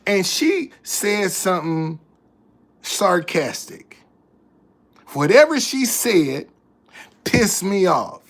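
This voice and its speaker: A man with a gravelly, creaky voice tells stories slowly and unhurriedly. He is a tour guide chatting casually to the camera. He circles back, repeating and restarting phrases as he goes. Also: high-pitched, very animated.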